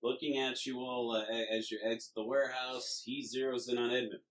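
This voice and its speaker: A man's voice: medium pitch, level tone, brisk, a bit bright, slight background noise, rough recording. A man narrating as the game master of a tabletop role-playing podcast, describing scenes and characters in detail. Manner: descriptive narration with frequent uh fillers and restarts, laughs easily.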